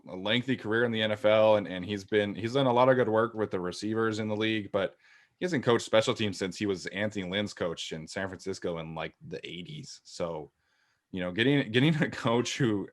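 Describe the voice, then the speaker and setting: Low-voiced man in sports podcast chat. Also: fairly bright tone. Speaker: podcast co-host.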